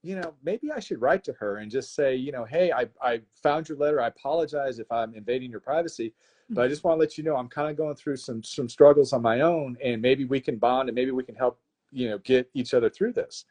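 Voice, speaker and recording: A man doing an earnest, lonely softball coach. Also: mid-range voice, brisk, close to an everyday voice. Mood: hopeful.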